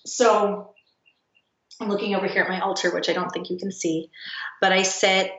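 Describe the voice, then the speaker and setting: Woman guest, thoughtful and unhurried, lo-fi distant call sound. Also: mid-range voice, fairly even intonation, a bit bright. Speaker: podcast guest, project founder. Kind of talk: casual interview chat. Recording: roomy, distant, dull sound.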